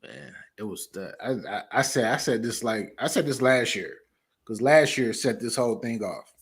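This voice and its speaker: A man's voice: medium pitch, normal speed, slightly rough. A man co-hosting a sports podcast, talking animatedly in casual debate and often repeating words as he thinks. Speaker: podcast co-host.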